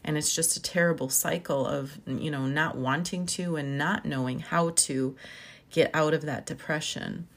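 A woman with a deep voice and a gravelly fry talks about emotions as a counselor. She is measured and deliberate, often naming feelings one by one. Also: fairly even intonation. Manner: measured, listing words one by one. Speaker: counselor for first responders. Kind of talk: reflective talk on emotions.

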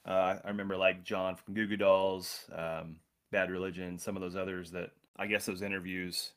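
A man's voice: low-pitched, level tone, normal speed, fairly bright tone. A man hosting a podcast interview, asking casual, rambling questions with fillers. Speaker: podcast host.

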